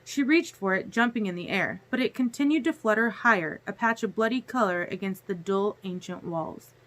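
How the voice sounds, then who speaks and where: A woman narrating a novel chapter aloud in a steady storytelling manner. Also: mid-range voice, moderate pace. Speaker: audiobook reader. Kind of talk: audiobook narration.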